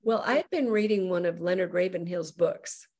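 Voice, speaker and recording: A middle-aged woman evangelist appears as a show guest, animatedly sharing her personal testimony and acting out the voices of people she quotes. Her voice sits on the low side and she speaks at a moderate pace.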